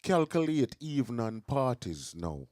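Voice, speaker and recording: A man's voice: medium pitch, very animated, a little slow, darkish tone, no echo, studio quality. A middle-aged man with a Jamaican accent, explaining his views earnestly in casual podcast chat. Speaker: podcast host.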